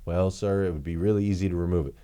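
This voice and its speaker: Brief: man playing a deferential male web developer, low and soft-spoken. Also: fairly even intonation, fast, close to an everyday voice.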